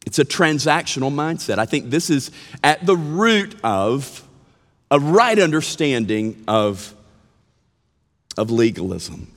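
A man preaching a sermon as a pastor, with earnest, drawn-out emphasis, sometimes mimicking whiny complaints. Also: mid-range voice. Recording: long reverb of a large hall.

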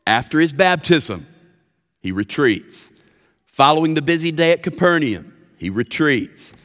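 A man preaching a sermon as pastor, expressive and emphatic, with deliberate pauses. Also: fairly high pitch. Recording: reverberant hall sound.

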